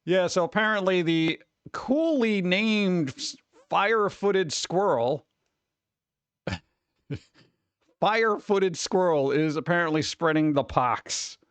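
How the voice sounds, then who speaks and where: A man's voice: high voice, slow pace, long pauses, clear, resonant tone, no room sound. A man hosting a casual live stream, rambling and joking as he chats with his viewers on a close desk mic. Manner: rambling, joking, talks to chat. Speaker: streamer host.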